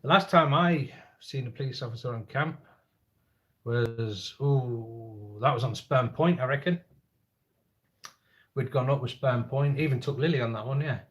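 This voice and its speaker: A man's voice: mid-range voice, a little slow. Cheeky man chatting on a live stream. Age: adult parent. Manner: cheeky, laughs often, swears casually. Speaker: camping live-stream host. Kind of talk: casual live chat storytelling. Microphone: live-stream setup.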